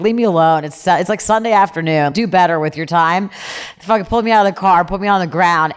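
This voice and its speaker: A woman host talks bluntly and swears freely as she tells stories. Her pitch swoops widely, giving her speech a lively, animated feel. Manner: blunt, profane, animated storyteller. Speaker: podcast host. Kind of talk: casual chat and storytelling.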